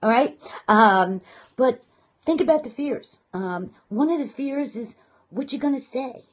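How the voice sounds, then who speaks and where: A woman with a Brooklyn accent talking casually to viewers on a live stream, quick and chatty with lots of fillers and restarts. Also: high voice, expressive. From Brooklyn, New York. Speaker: blogging and marketing coach. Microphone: phone or webcam live stream.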